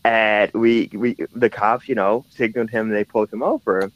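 A New York City man co-hosts a podcast, chatting casually as a rambling, laughing storyteller full of restarts and fillers. His voice is fairly low with a steady tone and moderate pace; there's no room sound, though the lo-fi audio is slightly dull.

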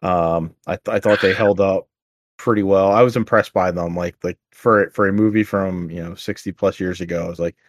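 A man's voice: low voice, fairly even intonation, fairly quick, no room sound. A man co-hosting a film podcast, talking in an easygoing, agreeable casual way. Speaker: podcast co-host. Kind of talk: casual chat.

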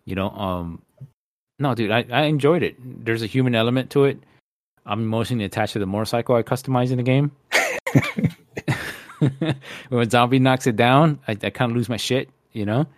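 A man's voice: medium pitch, brisk, long pauses, no room sound. A man in a casual chat about video games, eager and loose, swearing and calling people dude. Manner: enthusiastic, swears, says dude.

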